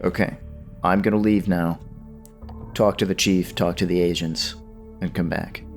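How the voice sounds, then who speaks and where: A man voicing a calm, reassuring male defense lawyer who coaches his client in a measured, steady way. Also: low-pitched, soft background music.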